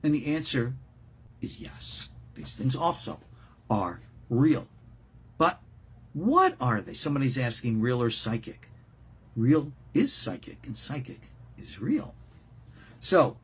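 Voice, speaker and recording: Older man, host, husky voice, animated, joking casual talk. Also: medium pitch, slow, long pauses. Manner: playful, jokey, repeats words when excited.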